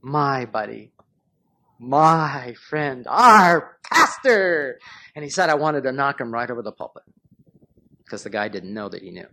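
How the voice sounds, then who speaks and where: A man's voice: medium pitch, sing-song, measured pace, gravelly, bright, forceful tone. A man preaching a sermon, telling stories and putting questions to his listeners. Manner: storytelling preacher, asks the congregation questions. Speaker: pastor.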